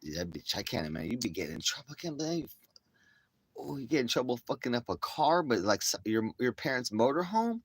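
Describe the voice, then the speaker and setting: A man's voice: medium pitch, very animated, brisk, slightly rough, no room sound. Profane rambling male livestreamer. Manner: profane, rambling storytelling with acted-out quotes. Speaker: livestream host. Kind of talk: casual livestream chat.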